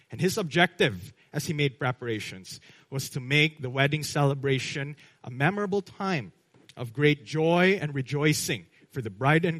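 Emphatic Filipino pastor, fairly high voice. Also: male voice, fairly bright tone, poor audio. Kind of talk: sermon.

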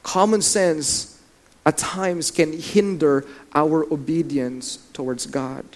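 A man preaching a sermon in a high voice. He swings from loud, pressing lines to soft, low ones, asks the listeners questions directly and acts out the biblical characters as he goes. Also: slow. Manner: rises and drops in volume for emphasis, asks the listeners questions.

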